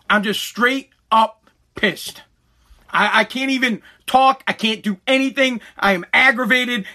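An online content creator rants angrily to the camera, repeating himself and swearing. His voice sits high, with a bright, forceful tone.

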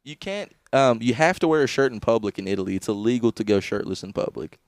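A man's voice: medium pitch, lively intonation, fast, no echo, studio quality. A young man co-hosting a podcast, chatting casually with lots of swearing and laughter. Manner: laughing, joking, swears a lot. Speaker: podcast co-host. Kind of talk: casual crude banter.

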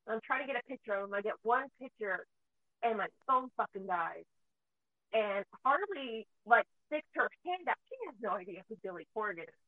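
With a medium-pitched voice and no echo, a mother hosts an easygoing conversation. She tells stories as they come, cursing frequently, on a recording that sounds dry and tinny like a phone.

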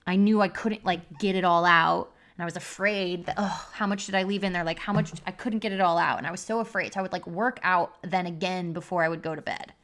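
A young adult woman speaks candidly on a podcast, sharing her own story in a confessional way. Her voice sits a touch low for a woman, and "like" runs through nearly every sentence. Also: fairly even intonation, brisk, few pauses, fairly bright tone. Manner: confessional, heavy use of "like" as filler.

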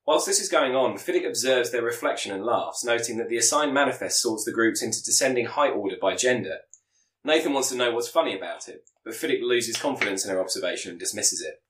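A man reading out a scripted plot pitch as a podcast co-host, sometimes stumbling and correcting himself. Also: lively intonation, quick pace, a bit bright, roomy sound, rough recording. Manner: reads with stumbles and self-corrections.

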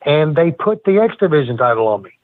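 A man's voice: fairly high pitch, big pitch swings, fast, no room sound, phone-quality sound. A man guesting on a wrestling podcast, telling profane, heated stories and acting out the arguments he quotes. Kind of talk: casual storytelling interview.

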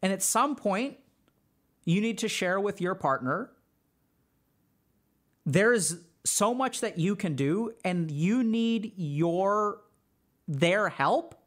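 A man's voice: high voice, expressive, slow, long pauses. Earnest man giving relationship advice. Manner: conversational, earnest, many fillers. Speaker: podcast host and mental health doctor. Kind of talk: casual advice talk.

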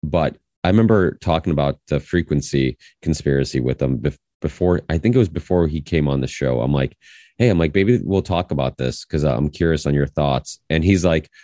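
Man, extremely deep voice, dry close sound, rambling podcast host, many restarts. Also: brisk, hardly any pauses, warm tone, no echo. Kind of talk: casual conversation.

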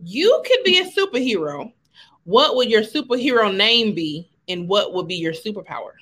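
A woman's voice: medium pitch, sing-song, normal speed, a bit bright, a little hiss or hum. A woman hosting a casual interview chat, playful and teasing, often laughing. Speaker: host.

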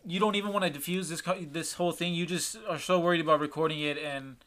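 A man's voice: a little high, steady tone, fast talker, a bit bright. A young man co-hosting a podcast, ranting earnestly in casual, slangy talk. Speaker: podcast co-host. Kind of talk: casual chat.

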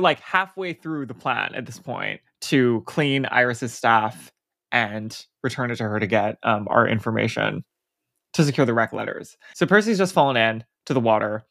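A woman co-hosting a fan podcast, summarizing the story in a measured, deliberate way. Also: very deep voice, a bit bright. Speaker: podcast co-host. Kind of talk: casual chat.

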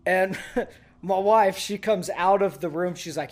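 A man's voice: high voice, a little slow. A man in his thirties from Texas, a podcast guest telling profane, laughing stories in casual chat.

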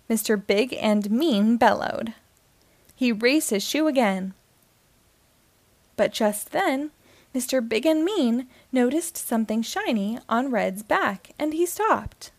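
A woman reads a picture book aloud to children, slow and expressive. Her voice sits fairly high, and the recording is close and dry with no room sound. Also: no room sound. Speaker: host and reader.

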